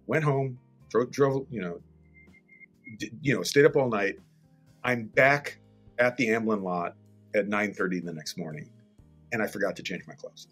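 A man's voice: lowish voice, normal speed, long pauses, a bit bright, breathy edge, soft background music. A middle-aged man, a guest animator and director, telling an anecdote casually and animatedly, acting out scenes and swearing freely.

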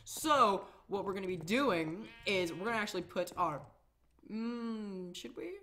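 A woman's voice: medium pitch, measured pace, a bit bright, soft background music. A woman hosting a casual gameplay video, chatting in a rambling, self-mocking way. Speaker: Minecraft let's-play host.

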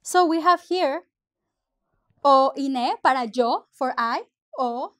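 High-voiced, slow-talking teacher woman. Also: fairly bright tone. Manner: patient, explains step by step, mixes English and Spanish. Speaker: Spanish teacher. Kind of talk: language lesson.

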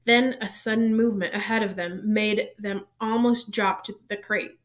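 A woman reading a novel aloud in an even storytelling manner, now and then correcting a slip. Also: medium pitch, moderate pace. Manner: even storytelling pace, small self-corrections. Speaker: reader.

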